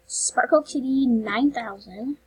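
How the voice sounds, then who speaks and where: A woman hosting a casual game vlog, talking over her screen, gushing and excitable, saying "like" and "literally" a lot, with sudden whispered asides. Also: a little high, takes it slowly, husky, low-quality recording. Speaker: channel host.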